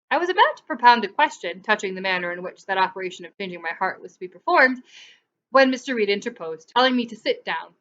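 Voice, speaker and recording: A woman's voice: mid-range voice, expressive, fast talker, a bit bright, highs cut off. A woman reading a classic novel aloud in an amateur audiobook style, sometimes stumbling and correcting herself. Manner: reads with small slips and corrects herself.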